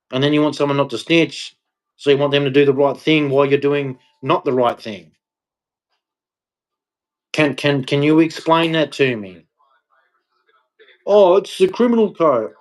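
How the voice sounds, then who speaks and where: A man's voice: on the high side, rough recording. A man ranting heatedly in a casual vlog monologue, blunt and repetitive, swearing now and then. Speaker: vlogger.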